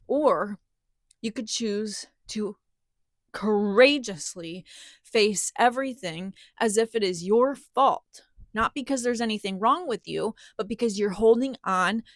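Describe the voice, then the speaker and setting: A woman's voice: medium pitch, unhurried, dry recording, clean studio sound. A woman giving an impassioned spiritual talk to camera, earnest and emphatic, acting out the doubting voice of her listener. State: out of breath. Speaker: spiritual teacher.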